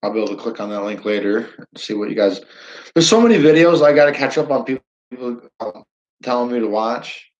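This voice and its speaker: A man hosting a casual live stream, chatting loosely with his viewers and reading their comments aloud. He rambles and repeats words as he goes, at an ordinary pitch. The audio is dull and lo-fi. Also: animated, quick pace.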